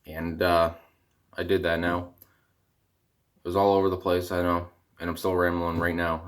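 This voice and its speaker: A man's voice: low-pitched, completely flat delivery, moderate pace, pauses often. Young Canadian man in a rambling rant. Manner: rambling, dejected and exasperated. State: voice cracking. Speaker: vlogger, hockey fan.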